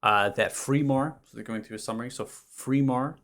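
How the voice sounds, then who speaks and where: A man's voice: mid-range voice, moderate pace, a bit bright. A man running a tabletop game as game master, summarizing events in a loose, rambling way with fillers.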